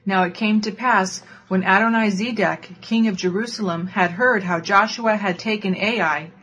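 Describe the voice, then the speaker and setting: A woman from the congregation reading scripture aloud in a steady, plain way. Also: medium pitch, normal speed, slightly rough. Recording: dull lo-fi recording.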